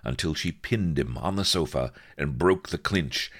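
A man narrating a story aloud in a wry, lively storytelling manner. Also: extremely low pitch, a little slow. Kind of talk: dramatic audiobook reading.

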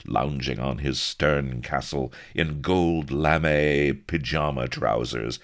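A man narrating a comic adventure audiobook in a dry, deliberate storytelling manner. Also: very deep voice.

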